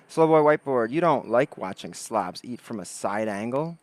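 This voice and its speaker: A man's voice: mid-range voice, normal speed, hardly any pauses. A man hosting a casual livestream outdoors, chatting with viewers and thinking aloud. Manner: rambling, greets chat, thinks aloud. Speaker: livestream host. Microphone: desk microphone.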